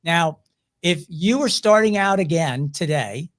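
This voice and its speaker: Chatty Philly-accented host, higher voice. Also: male voice, lively intonation, measured pace. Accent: Philadelphia. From Chicago area. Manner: chatty, long rambling questions with restarts. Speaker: podcast host. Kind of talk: casual interview.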